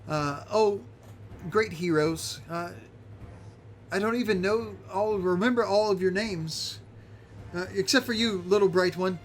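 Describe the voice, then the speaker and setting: A man's voice: high-pitched, a little slow, slight background noise, voice pushed up. A man voicing a gracious middle-aged woman leader who speaks formally and stammers now and then. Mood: earnest.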